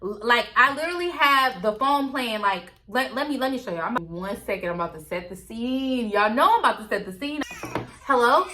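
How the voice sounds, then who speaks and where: Bright-voiced woman telling a story. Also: a little high, expressive, fairly quick, few pauses, a little hiss or hum. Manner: candid, chatty, talks straight to viewers. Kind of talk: casual storytime chat.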